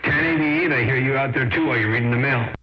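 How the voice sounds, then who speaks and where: A man's voice: medium pitch, fast. A man chatting casually on a CB radio, joking and using ten-codes and handles. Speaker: CB radio operator. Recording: muffled radio audio with noise and echo.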